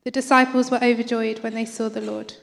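A woman reading a Bible passage aloud in church, steady and even. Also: fairly high pitch, a little fast, gravelly. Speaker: Bible reader. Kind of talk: scripture reading. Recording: church hall reverb.

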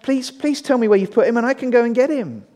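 A man's voice: extremely high pitch, fast, dark tone, pitched above the performer's own voice. A man voicing a grieving woman who pleads to know where the body of someone she loves was taken. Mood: pleading. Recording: long reverb of a large hall.

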